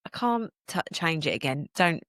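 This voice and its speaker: Energetic British woman podcast coach. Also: deep voice, normal speed, no echo, studio quality. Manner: energetic, emphatic, motivational, laughs often. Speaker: podcast host and business coach. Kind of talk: solo podcast talk.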